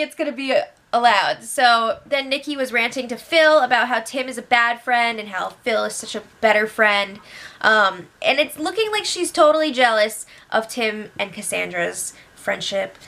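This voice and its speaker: A woman's voice: on the high side, bright, forceful tone. A young woman hosting a casual recap, chatty and gossipy with lots of fillers. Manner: chatty, gossipy, many fillers and acted quotes. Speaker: show recap host.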